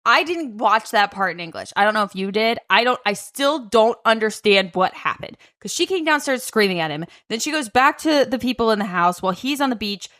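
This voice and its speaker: Female podcast co-host, bright tone, loose and conversational. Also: on the high side, lively intonation. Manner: fast, casual storytelling with frequent fillers and cursing. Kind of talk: casual chat.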